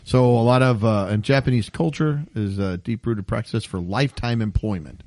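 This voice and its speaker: A man's voice: on the low side, moderate pace, a little mellow, no room sound. A man co-hosting a comedy podcast, reading odd news stories aloud and joking about them with frequent laughs. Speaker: podcast co-host. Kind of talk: casual comedy podcast chat.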